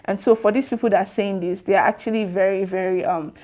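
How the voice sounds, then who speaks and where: A woman's voice: mid-range voice, fairly even intonation, quick pace, a little mellow. Opinionated Nigerian woman commentator. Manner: conversational, with frequent um and you know fillers; sarcastic, opinionated. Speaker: commentator reading reactions. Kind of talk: political commentary reading out social media posts.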